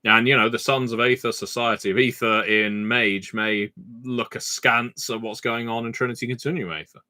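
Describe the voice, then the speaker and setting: Reading out viewer comments during a relaxed livestream Q&A, this game designer chats and tells anecdotes, peppering his speech with "uh." He has a mid-range, steady voice at a normal pace, bright and forceful in tone, with no echo in the recording.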